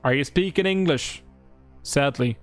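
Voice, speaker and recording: An Irish man with a voice pitched a touch above the usual, talking loosely over his game. He swears constantly, rambles and pokes fun at himself. Faint music plays behind him. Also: measured pace. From Ireland. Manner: swears a lot, rambling, self-deprecating. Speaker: streamer. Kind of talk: casual live gameplay chat.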